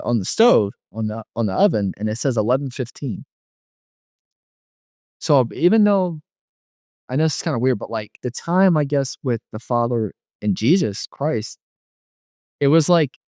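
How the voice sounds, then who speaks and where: Male guest, mid-pitch, rambling testimony, dry room. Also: darkish tone, no room sound. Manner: rambling, full of "like" and restarts. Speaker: guest telling a near-death story. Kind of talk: casual personal testimony.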